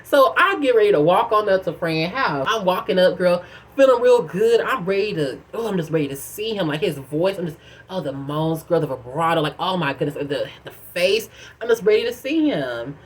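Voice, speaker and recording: A young woman vlogger telling a personal story to camera in a casual, chatty way, keeps calling the viewer girl and y'all, with dramatic swings of pitch and loudness. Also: lively intonation, moderate pace.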